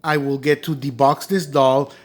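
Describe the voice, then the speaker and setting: A man's voice: mid-range voice, flat delivery, moderate pace. A man vlogging to a phone, telling a personal story in an earnest, rambling way full of fillers. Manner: earnest, rambling, heavy with "you know" and "um". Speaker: doll collector vlogger.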